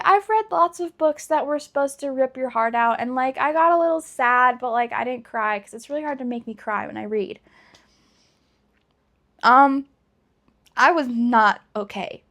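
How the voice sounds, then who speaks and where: A woman's voice: high voice, a bit bright. A woman in her thirties, a book vlogger chatting casually and emotionally, with dramatic emphasis. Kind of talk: casual chat.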